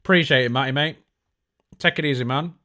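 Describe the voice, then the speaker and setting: Hosting a casual tech live stream, a man talks a little fast in a bright, forceful, medium-pitched voice. He's chatty and joking, with plenty of fillers and restarts.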